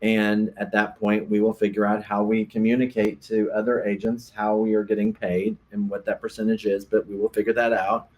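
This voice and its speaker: A man's voice: fairly low pitch, monotone, a little fast, few pauses, darkish tone. A man, a realtor, co-hosting a casual podcast chat, explaining earnestly and often restarting his sentences.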